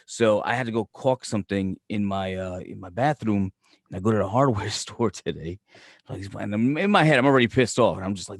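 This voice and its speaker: A man's voice: lowish voice, a little fast, dry recording, clean studio sound. A man with a Brooklyn accent co-hosting a podcast, telling stories casually with lots of swearing. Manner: profane, animated storyteller. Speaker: podcast co-host. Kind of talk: casual storytelling chat.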